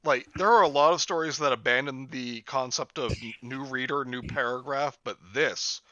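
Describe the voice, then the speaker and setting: Host, male, bright tone, mocking comic story reader, lo-fi mic. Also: normal speed, no echo. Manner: mocking, breaks into laughter, jumps high for exaggerated lines. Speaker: host reading a story aloud. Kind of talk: comedic dramatic reading with friends.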